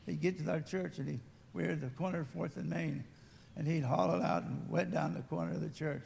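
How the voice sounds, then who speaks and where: A man's voice: a little high, steady tone, brisk, gravelly, darkish tone, in a large hall, slight background noise. A man in his seventies from West Virginia, telling a folksy, humorous testimony at a church service. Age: 70s. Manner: homespun, humorous storytelling. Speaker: missionary. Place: church sanctuary.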